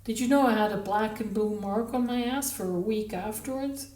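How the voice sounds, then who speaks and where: A woman reading a novel aloud, voicing a brash, volatile, flirtatious married woman who exclaims loudly. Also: medium pitch, normal speed, far from the mic, lightly acted. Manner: loud, exclaiming, mercurial. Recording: roomy, from the mic.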